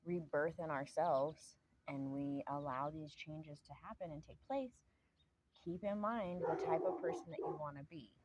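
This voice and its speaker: Low-voiced woman, earnest rambling talk. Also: a little mellow, slight background noise, rough recording. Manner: earnest, rambling, many fillers. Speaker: astrology channel host. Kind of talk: casual spiritual talk to camera.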